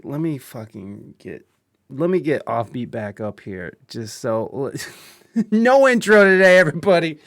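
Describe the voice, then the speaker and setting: A male podcast host talking slowly over a video call, venting and swearing as he rambles through his setup. The sound is dry and close, with no room around it. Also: a little high, no room sound. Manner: frustrated, swearing, rambling with fillers. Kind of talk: casual live-stream chat.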